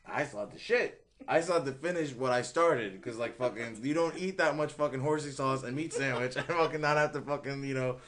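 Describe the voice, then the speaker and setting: A man's voice: medium pitch, brisk, hardly any pauses, a bit bright. A man co-hosting a podcast, telling a long story in casual chat, rambling and swearing constantly, often laughing mid-sentence. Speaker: podcast co-host.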